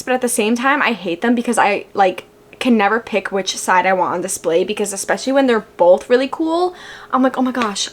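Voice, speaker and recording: A woman's voice: fairly high pitch, a little hiss or hum. Chatty young woman gushing over books. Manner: chatty, rambling, many filler likes; excitable, gushing. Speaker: book vlogger. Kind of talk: casual book haul vlog.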